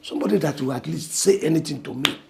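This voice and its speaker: A man's voice: on the high side, fast, creaky. An actor with a Nigerian English accent playing an anxious, complaining young man who believes he is cursed. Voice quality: worried, complaining.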